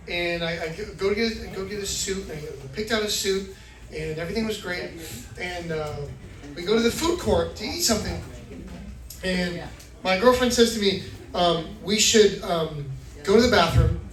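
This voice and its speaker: High-voiced middle-aged comedian on stage. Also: male voice. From Florida. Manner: animated storytelling, acts out voices, shouts punchlines. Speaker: stand-up comedian. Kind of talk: stand-up comedy set. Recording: echoey club recording from far off, crowd laughter. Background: audience laughter.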